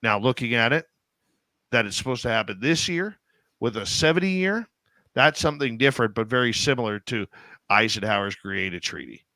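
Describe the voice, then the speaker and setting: Sarcastic, bright-voiced radio host man. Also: medium pitch, animated, moderate pace, no echo. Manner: sarcastic, rambling, rhetorical questions. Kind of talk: casual talk radio banter.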